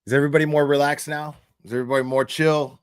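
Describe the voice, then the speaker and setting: A man's voice: on the high side, level tone, fast talker. A man casually chatting with his stream viewers, swearing often and laughing at his own jokes. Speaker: streamer talking to chat. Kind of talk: casual livestream chat.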